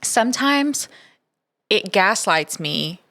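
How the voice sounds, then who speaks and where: A woman co-hosting a casual chat about music, relaxed and quick to laugh. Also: mid-range voice, gravelly. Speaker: co-host.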